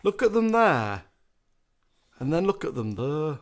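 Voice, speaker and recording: A man's voice: fairly high pitch, sing-song, unhurried. A man hosting a casual live stream, chatty and giggly as he reads out thank-yous. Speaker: host.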